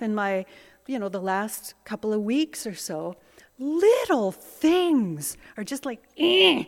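A woman's voice: mid-range voice, darkish tone. A woman preaching a sermon in a reflective, self-searching, conversational way. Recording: long hall reverb.

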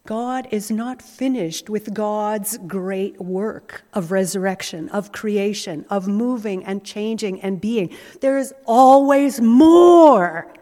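A woman pastor delivering a sermon in a measured way, pausing often and repeating key phrases. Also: mid-range voice, warm tone. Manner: measured, with frequent pauses and repetition. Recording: reverberant hall.

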